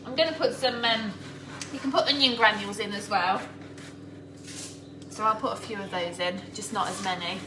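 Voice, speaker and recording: A woman's voice: mid-range voice, normal speed, pauses often, far from the mic, background noise. A woman chatting to live viewers while cooking at home, laughing often. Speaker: cooking vlogger. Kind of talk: live-stream cooking chat. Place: home kitchen. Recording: echoey kitchen, clattering pots.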